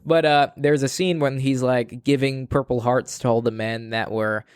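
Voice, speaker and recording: A man hosts a podcast in relaxed conversation, telling a long story with lots of fillers and restarts. His voice sits at a middle pitch and sounds dry and close, with no room around it. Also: moderate pace, clean tone, no room sound. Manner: rambling, filler-heavy storytelling. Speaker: podcast host. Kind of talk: casual chat.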